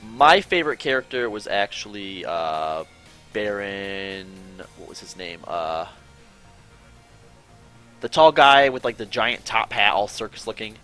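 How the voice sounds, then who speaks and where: A male host chatting loosely on an online call, his pitch bouncing up and down as he rambles. He swears freely and restarts his sentences often. A faint bed of music plays under him. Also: animated, unhurried, bright, forceful tone. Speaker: podcast host. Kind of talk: casual chat on a call.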